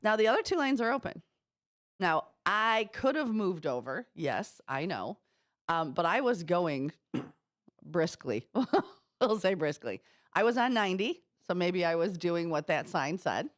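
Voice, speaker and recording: A woman's voice: on the low side, animated, normal speed, dry recording, studio quality. A woman with a Midwestern American accent co-hosting a morning radio show, chatting animatedly and telling stories with laughs. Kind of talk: casual morning radio chat. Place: radio studio.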